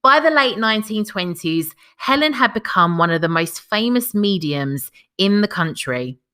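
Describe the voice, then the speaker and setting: A woman narrates a history podcast in a bright, crisp voice. She reads from a script and slips into chatty asides of her own. Her pitch sits in a middling register. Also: lively intonation, normal speed. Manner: chatty, breaks off for personal comments. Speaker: podcast host.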